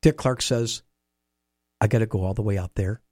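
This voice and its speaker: A man telling animated anecdotes in a conversation, acting out quoted dialogue. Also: fairly low pitch, normal speed, no echo, clean studio sound. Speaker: interview guest, former baseball team staffer. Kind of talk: storytelling conversation.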